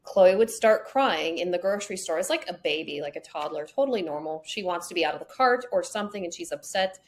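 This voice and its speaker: A woman hosting a podcast, chatting casually and telling animated stories in which she acts out the people in them. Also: lowish voice, fast. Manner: animated storyteller acting out quotes. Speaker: podcast host. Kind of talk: casual conversation, storytelling.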